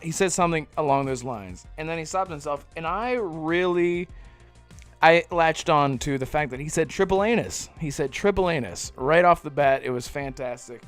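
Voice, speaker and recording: A man's voice: a little high, moderate pace, soft background music. A man hosting a casual gaming podcast, joking around and laughing through his words. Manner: giggly, joking, restarts often. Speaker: podcast host.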